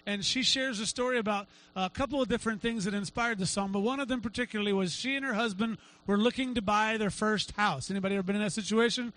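A middle-aged male pastor preaching a sermon, telling a story with lively acted-out quotes. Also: high voice, poor audio. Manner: animated storytelling, acts out quotes.

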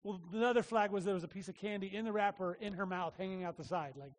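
A male pastor giving a conversational sermon, animated, acting out little voices and asking the room questions. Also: high voice, quick pace, in a large hall.

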